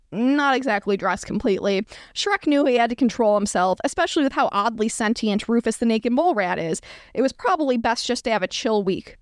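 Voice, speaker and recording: Woman host, comedic read-aloud, fairly high voice, dry sound. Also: dry recording. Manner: reading aloud with self-aware asides. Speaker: podcast host.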